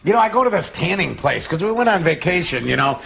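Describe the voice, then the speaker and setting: A man's voice: sits high, very animated, fast talker, gravelly, a bit bright. A man hosting a late-night horror movie show, rambling through playful stories and jokes in loose studio banter.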